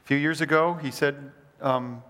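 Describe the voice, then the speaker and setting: A man preaching a sermon as pastor, earnest, repeating phrases for emphasis and often dropping to quiet, soft lines. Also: fairly high pitch, fairly even intonation, normal speed, big-room sound.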